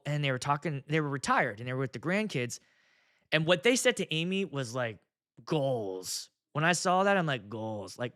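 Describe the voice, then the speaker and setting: Animated, blunt DJ talking casually. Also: male voice, medium pitch. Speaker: wedding DJ and video host. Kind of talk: casual monologue.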